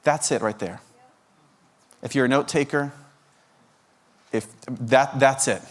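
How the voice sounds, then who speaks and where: A man's voice: medium pitch, takes it slowly, long pauses. A man preaching a sermon as a guest preacher, firing off repeated rhetorical questions and stumbling over restarts as he presses his point. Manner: restarts and stammered repetitions when pressing a point.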